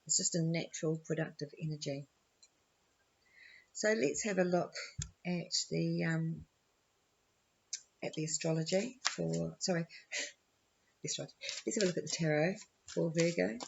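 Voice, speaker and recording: A woman's voice: low-pitched, moderate pace, gravelly, long pauses, highs cut off, a little hiss or hum. A woman giving a casual astrology forecast and tarot reading, rambling and thinking aloud with many ums and you knows.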